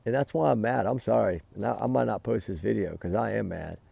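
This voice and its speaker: A man's voice: fairly low pitch, brisk, gravelly, dark tone, slightly rough, no echo. A man giving heated, emphatic casual commentary as a vlogger, recorded outdoors by a fire at night. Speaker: true-crime vlogger.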